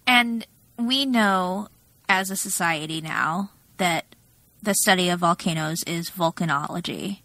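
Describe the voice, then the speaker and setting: A woman co-hosting a podcast in casual chat, measured and explanatory, laughing easily. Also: lowish voice, sharp tone, no echo, rough recording. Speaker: podcast co-host.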